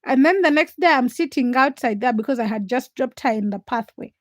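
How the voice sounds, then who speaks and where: A woman from Uganda hosting a casual late-night livestream, telling stories in an animated way and reading viewer comments aloud. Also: high voice, a little fast, no echo. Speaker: livestream host.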